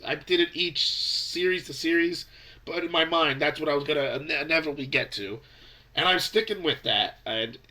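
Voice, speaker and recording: A young man with a stuffy, cold-congested voice gives rambling, opinionated basketball predictions in a casual sports commentary vlog. He's a basketball fan vlogger whose voice sits on the high side with a sharp tone.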